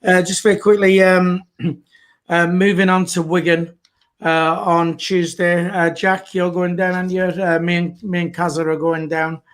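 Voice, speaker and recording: High-voiced older host, halting. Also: male voice, flat delivery. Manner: halting, lots of uhs and ums. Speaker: fan show host. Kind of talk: casual live fan chat.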